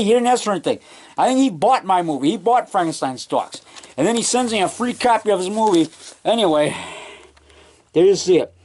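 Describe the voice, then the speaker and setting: An excitable man rambles on about old monster shows in a casual basement vlog, his voice pitched a little high. He restarts and trails off as he talks, caught on a camcorder's own mic. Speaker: low-budget monster moviemaker. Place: home basement.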